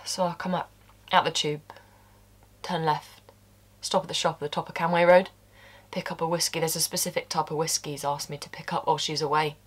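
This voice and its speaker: A husky, low-voiced woman, played by an actress, tells her story bluntly, with swearing. She drops into hushed whispers as she confesses to a killing. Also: level tone, a little fast. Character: tough working-class London woman confessing a killing. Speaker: actor performing a monologue. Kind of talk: stage monologue.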